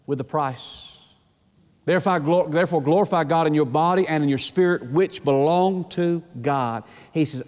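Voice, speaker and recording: Fervent preacher in a reverberant hall. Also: male voice. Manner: fervent preaching, acts out voices, rises to high excited pitch. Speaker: pastor. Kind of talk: sermon. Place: church sanctuary.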